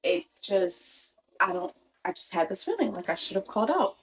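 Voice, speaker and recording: A woman's voice: medium pitch, big pitch swings, normal speed, slight background noise, rough recording. A young woman telling a personal story in a casual, exasperated way, restarting her sentences and saying "like" often. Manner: exasperated, talks in restarts with lots of "like".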